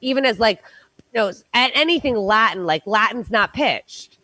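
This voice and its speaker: A woman hosts a late-night quiz show, rambling through stories in casual chat with a slightly high voice. She drops into playful put-on voices as she goes. Her sound is close and dry. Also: lively intonation, normal speed, bright, forceful tone, no room sound, poor audio. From New York.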